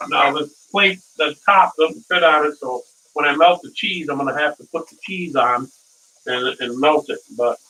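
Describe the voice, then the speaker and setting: A man's voice: fairly high pitch, normal speed, pushed and bright. A man hosting a casual live cooking stream, rambling through stories and chuckling at his own dad jokes, from a distant mic.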